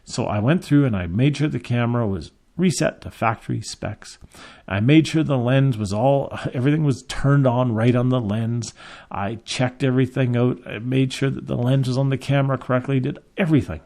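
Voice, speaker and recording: A man who owns a photography shop and teaches tells a story as a lesson, his mid-range voice warm and moderately paced. When he acts out the quotes, his voice jumps dramatically.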